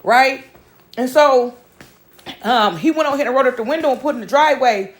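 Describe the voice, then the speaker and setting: A woman with a high-pitched voice rambling through a casual vlog story. She swears freely, quotes what she told others, and keeps checking in with a quick "right?". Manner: retells her own words with "I said". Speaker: vlogger.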